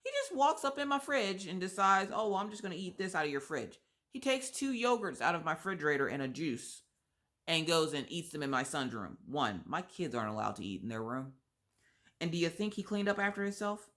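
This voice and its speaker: A young adult woman telling a story in a casual chat while crocheting, blunt and sassy, acting out quotes with big pitch swings. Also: animated, moderate pace, fairly bright tone. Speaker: vlogger.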